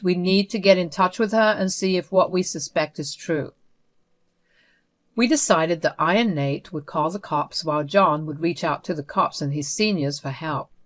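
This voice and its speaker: A woman with a slightly low voice narrates a first-person story. She tells it in a tense, dramatic way.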